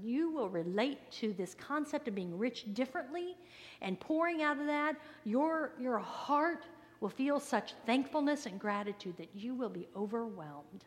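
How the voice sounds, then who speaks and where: A woman's voice: fairly high pitch, animated, a little slow. Woman preaching in a reverberant hall. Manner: earnest, emphatic, drops to soft near-whispers. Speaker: pastor. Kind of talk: sermon. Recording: long reverb of a large hall.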